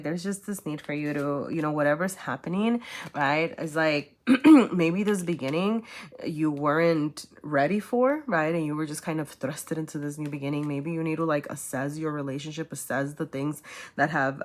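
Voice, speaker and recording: A woman's voice: deep voice, moderate pace. A woman doing a casual tarot reading, rambling with many fillers and often checking in with "right?" and "okay?". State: choked up at times. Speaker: tarot reader.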